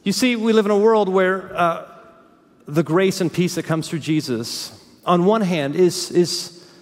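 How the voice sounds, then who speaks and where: High-voiced pastor preaching in a reverberant hall. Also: male voice, a little slow. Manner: dramatic swings between hushed lows and fiery peaks. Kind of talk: sermon.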